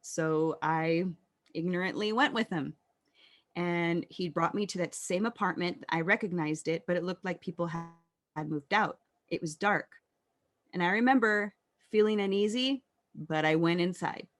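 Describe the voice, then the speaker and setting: A woman in her thirties appears as a podcast guest, sharing her personal story. She speaks earnestly and reflectively in a lowish voice, with halting pauses along the way.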